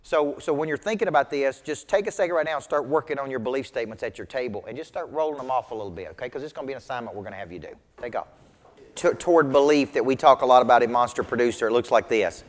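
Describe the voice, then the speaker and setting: A man's voice: mid-range voice, fast. A man working as a business coach, giving a motivational sales training talk to a group at tables, with emphatic, punchy repetition. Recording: reverberant hall sound.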